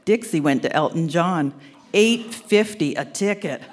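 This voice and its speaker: A woman's voice: on the low side, expressive, unhurried. Fond older woman reading letters. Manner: fond, teasing, reading with laughs. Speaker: storyteller reading her old letters on stage. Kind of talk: reading aloud to a live audience. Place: live event stage.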